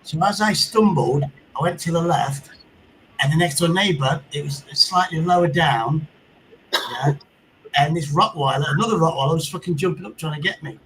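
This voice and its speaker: A man's voice: on the high side, normal speed, fairly bright tone, slight background noise, poor audio. A middle-aged man, telling sweary anecdotes in casual chat on a livestream. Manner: swearing anecdotes with sound effects. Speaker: livestream host.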